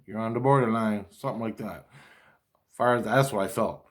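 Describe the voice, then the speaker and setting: A man's voice: on the low side, a little fast. A middle-aged man rambling through a spiritual monologue, cursing casually, restarting his sentences and acting out quoted dialogue. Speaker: vlogger.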